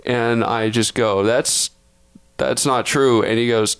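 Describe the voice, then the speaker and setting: A man's voice: mid-range voice, fairly even intonation, takes it slowly, clean tone. A young man from Texas, a podcast co-host, telling a long story in a rambling, profane way, often correcting himself. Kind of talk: casual storytelling.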